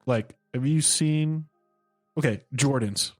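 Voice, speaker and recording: A man's voice: mid-range voice, takes it slowly, no echo, soft background music. Brief: laughing, joking man, podcast co-host, dry studio sound. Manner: joking, laughs often, riffs on ideas. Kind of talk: casual comedic chat.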